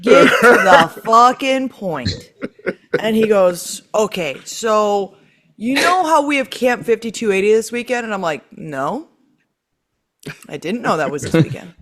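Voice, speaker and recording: Woman on a podcast telling a story, lively up-and-down voice, cusses a lot. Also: medium pitch, normal speed. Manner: animated storyteller, swears freely, acts out quotes. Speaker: podcast guest. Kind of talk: casual chat.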